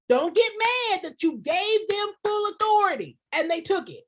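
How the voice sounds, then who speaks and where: A woman coaching nonprofit leaders in a passionate live talk, preachy and often breaking into shouting, hammering points home by repeating phrases. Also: extremely high pitch, very animated, normal speed, few pauses.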